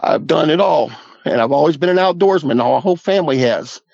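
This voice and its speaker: A man's voice: on the high side, lively intonation, fairly quick, vocal fry, darkish tone, no room sound, dull audio. A man, earnestly recounting a personal encounter as a guest in a folksy, repetitive storytelling manner. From Southwest Missouri Ozarks. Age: 50s. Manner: earnest, folksy, repeats "I said" and "he goes".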